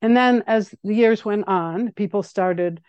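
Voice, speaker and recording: A woman giving an earnest, measured personal account in a radio interview, often thinking aloud with fillers. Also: mid-range voice, a little mellow, clean tone, no room sound, muffled recording. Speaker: guest speaking about her activism.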